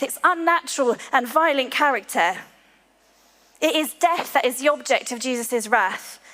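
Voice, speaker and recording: A woman preaching a sermon to her church, earnest, slowing to a hushed voice on key lines. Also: sits high. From England. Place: large church hall. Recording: long hall reverb.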